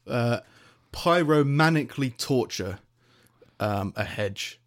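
A man's voice: medium pitch, expressive, a little fast. Scornful rambling male podcaster. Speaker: podcast co-host. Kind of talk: casual banter.

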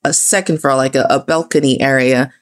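A young woman co-hosting a casual talk show, chatty and quick to laugh, her voice a little strained from losing it the night before. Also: rumbling low, fairly even intonation. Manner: chatty, laughs easily, self-deprecating. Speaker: podcast co-host. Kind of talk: casual chat.

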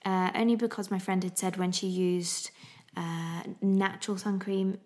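A woman's voice: medium pitch, flat delivery, unhurried, a little mellow. A woman in her thirties chatting casually to camera about travelling with her baby, rambling and laughing often. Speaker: parenting vlogger. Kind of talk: casual chat.

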